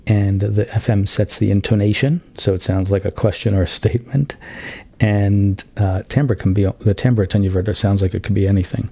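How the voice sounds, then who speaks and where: Low-voiced man demoing synth patches. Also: creaky. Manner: relaxed, explains knob settings step by step. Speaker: synth tutorial host. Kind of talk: casual hands-on demonstration. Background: synthesizer sounds playing.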